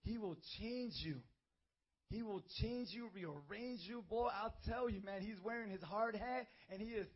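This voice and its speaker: A young man preaching a youth sermon into a handheld mic, emphatic and building to shouts. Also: sits high, unhurried. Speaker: youth pastor. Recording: dull lo-fi recording.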